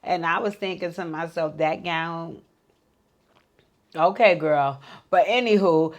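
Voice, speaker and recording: A woman's voice: on the low side, slow. Chatty woman recapping a reality show. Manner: chatty, profane, acts out quotes in voices.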